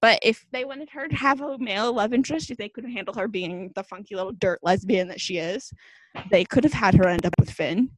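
A young woman co-hosting a podcast rants in a fired-up, casual way, packing her speech with "like." Her mid-range voice runs a little fast, and the recording is rough but has no echo.

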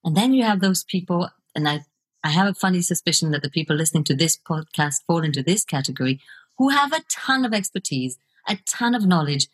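A middle-aged woman talks as a guest on a podcast, her voice low and slightly husky. She speaks in an earnest, reflective way about her work as a coach. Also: expressive, a little fast. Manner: reflective, earnest, laughs easily. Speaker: guest, video coach and author. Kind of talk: podcast interview.

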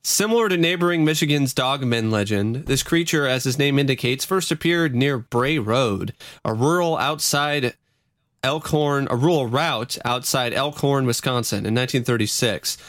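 A man's voice: mid-range voice, moderate pace, fairly bright tone, dry recording, clean studio sound. A man co-hosting a comedy podcast, joking and mock-outraged, laughing easily. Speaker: podcast co-host. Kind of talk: casual comedic podcast chat.

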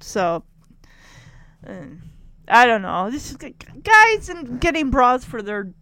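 A woman telling a chatty, animated story recap with exasperated asides. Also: a little high, slow pace, no room sound. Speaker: tv episode recapper.

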